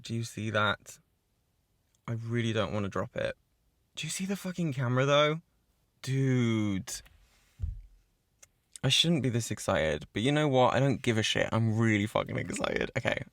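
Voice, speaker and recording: A man hosting his own podcast in casual chat, gushing and swearing a lot as he gets excited. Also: medium pitch, moderate pace, vocal fry, no room sound. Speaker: podcast host. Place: cabin in the woods.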